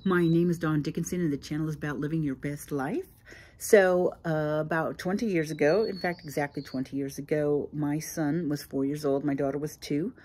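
A woman's voice: low-pitched, fairly even intonation, moderate pace, dark tone, a little hiss or hum. A woman in her sixties, hosting her own channel, telling a personal story in a plainspoken, reflective way with frequent fillers. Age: 60s. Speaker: channel host.

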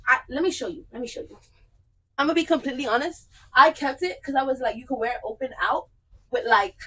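A woman's voice: high-pitched, quick pace, a bit bright, husky, poor audio. A young woman chatting casually and playfully in a clothing try-on vlog, with joking asides. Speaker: vlogger.

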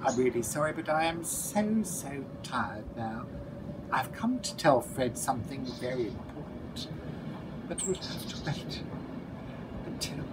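A man's voice: medium pitch, lively intonation, normal speed, heavy background noise, natural voice. Man doing a polite worn-out cuckoo, all genteel manners, drowsy storybook bird. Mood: polite, sleepy. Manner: courteous, genteel, sleepy. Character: polite weary male cuckoo, well-mannered.

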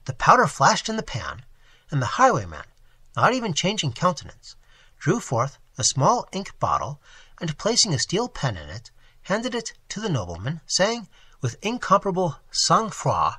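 A man narrating a classic novel as an audiobook, in an expressive, animated storytelling manner. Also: fairly high pitch, normal speed, husky, no room sound.

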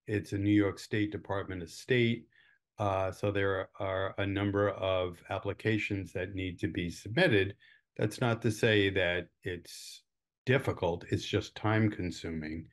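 Slow, deep-voiced man explaining permits. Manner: measured, explanatory. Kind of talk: video call discussion.

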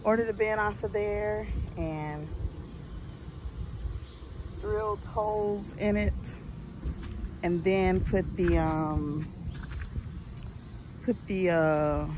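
A woman's voice: medium pitch, drawn-out words, long pauses, background noise. A woman chatting casually as she walks through her home garden outdoors, folksy and full of ums. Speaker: homestead vlogger.

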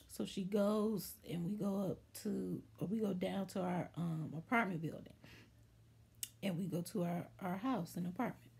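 A woman hosting a casual storytime vlog, telling a story from her childhood. Her voice is mellow and a bit husky, and she slips into livelier voices to act out the people in the story. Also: medium pitch, normal speed. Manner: chatty, animated, acts out voices in quotes.

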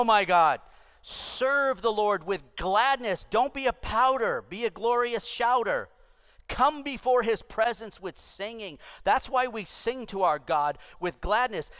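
A man's voice: high voice, a bit bright, clear, resonant tone. A middle-aged man, a pastor, preaching a sermon and urging the congregation to respond aloud. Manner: exhorting, calls for congregation responses. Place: large church auditorium. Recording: long hall reverb.

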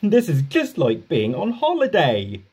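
A man's voice: on the high side, wildly swooping pitch, unhurried, a little mellow, husky, pitched above the performer's own voice, full character voice. A man voicing an earnest, proud little steam engine. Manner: earnest, polite, self-important.

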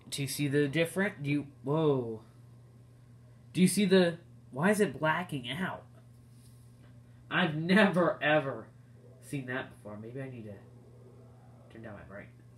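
Speaking in a fairly high, fairly bright voice, a young man reviews a toy race car on his channel. The casual review turns into an exasperated rant aimed straight at his viewers, as you'd expect from a diecast collector.

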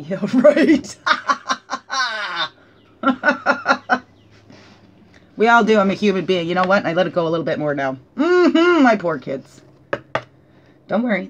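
A woman's voice: medium pitch, a little hiss or hum. A woman at home, talking through a weekly oracle card reading in a casual, musing way. She keeps asking questions and checking in with "right?", and she teases herself lightly along the way. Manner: reflective, asks many questions, often adds "right?"; gently joking, laughs at herself.

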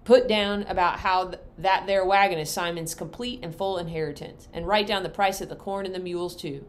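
A woman's voice: fairly low pitch, a little fast, pitched above the performer's own voice, close to an everyday voice. A woman voicing a mocking teenage farm boy who snickers as he talks.

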